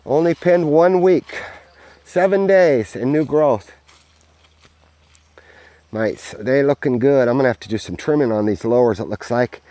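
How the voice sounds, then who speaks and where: A man talks casually while walking a farm outdoors, rambling cheerfully and swearing freely. His voice sits at an ordinary pitch, recorded close on a handheld camera with a dry sound. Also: unhurried, long pauses, mellow, dry recording. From United States. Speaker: vlogger, farm owner.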